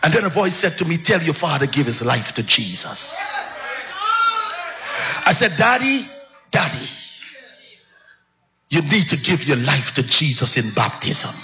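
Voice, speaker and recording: A male pastor preaching a sermon, telling a personal story with passion and swinging from low hushed lines to high cries. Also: big pitch swings, moderate pace, a crowd in the background. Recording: dull lo-fi sound.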